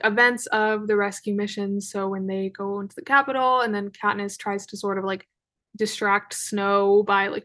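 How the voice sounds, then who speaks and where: A woman hosting a solo podcast recap, talking in a chatty, excitable way with lots of fillers. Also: mid-range voice. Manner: chatty and excitable, many fillers, frequent laughs. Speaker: podcast host.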